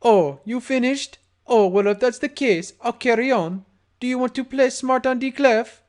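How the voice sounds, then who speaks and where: A man's voice: very high-pitched, normal speed, a little mellow, voice pushed up. A man voicing a menacing, crude male pony gangster in a fan audiobook, taunting and swaggering. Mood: mocking.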